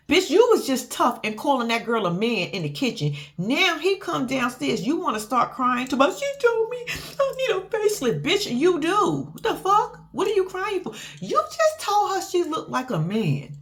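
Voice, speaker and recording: A woman's voice: a little high, fairly bright tone. A young adult woman giving a casual reality-show recap, blunt, profane and sassy, acting out what people said.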